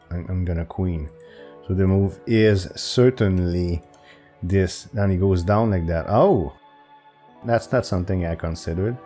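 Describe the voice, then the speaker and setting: A man thinking aloud while solving chess puzzles for his channel, hesitant and full of restarts. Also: dark tone. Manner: hesitant, self-talking with restarts and pitch jumps. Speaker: chess video creator.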